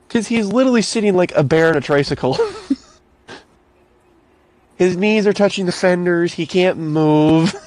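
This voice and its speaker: A man's voice: sits high, expressive, measured pace, pauses often, darkish tone, no echo, rough recording. A man telling a funny story in casual chat, laughing often and acting out quotes with a raised voice.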